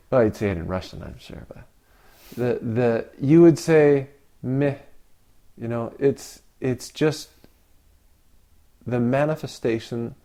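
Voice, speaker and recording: A man giving a reflective Zen dharma talk, asking rhetorical questions with long pauses. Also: medium pitch, dark tone. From Canada. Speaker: Zen teacher.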